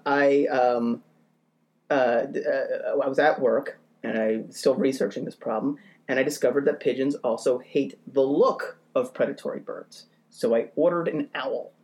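A man spinning a comic story on a podcast, animated and self-mocking. His voice leaps up in pitch as he rants, and he lingers on his own misadventures for laughs. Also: a little slow. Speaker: podcast co-host. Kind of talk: comedic storytelling.

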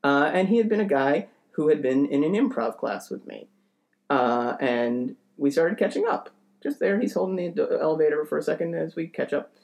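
A man's voice: fairly high pitch, animated, moderate pace, creaky, darkish tone. A young man telling a funny story on a podcast in a rambling, hesitant way, full of fillers and self-deprecating asides. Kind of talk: casual comedic storytelling.

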